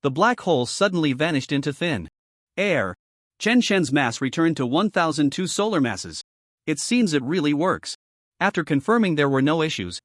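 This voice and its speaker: Lively male story narrator. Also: on the high side, dry recording, studio quality. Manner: storytelling recap of a translated web novel. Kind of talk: scripted narration.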